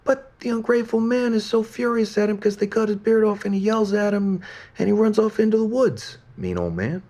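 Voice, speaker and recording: A man in a game role reading a fairy tale aloud as a gentle bedtime story. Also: high-pitched, animated, brisk. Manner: gentle storytelling, softening at the end.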